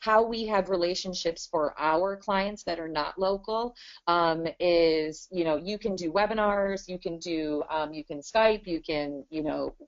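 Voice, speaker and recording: This thirtysomething businesswoman has a low-leaning, unhurried voice as she talks casually in a webinar interview. She's chatty and leans heavily on "you know," over dull, lo-fi webinar sound.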